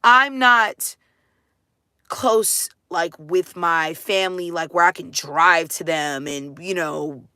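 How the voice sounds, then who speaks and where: A woman talking casually with viewers, chatty and animated, laughing often and saying "like" and "dude" a lot. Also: lowish voice, slow pace, clean tone, no room sound, clean studio sound. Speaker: mother sharing her family life.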